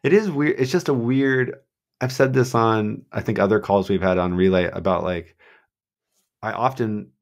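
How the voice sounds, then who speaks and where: Guy with a lowish voice rambling through race stories, does little voices for quotes, tons of likes and ums. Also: moderate pace. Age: adult with a child. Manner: animated storyteller, acts out quotes, many fillers. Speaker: guest marathon runner. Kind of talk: casual podcast chat.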